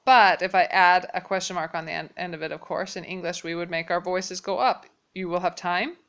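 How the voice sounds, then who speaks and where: A woman teaching a language lesson at a whiteboard, explaining patiently and repeating each phrase slowly. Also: lowish voice, flat delivery, a bit bright, clean tone.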